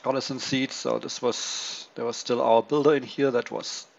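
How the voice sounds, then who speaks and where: A man giving casual, low-key commentary on his turn in a strategy game, thinking aloud with many pauses and ums. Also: level tone, creaky. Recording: dull lo-fi mic with faint hiss.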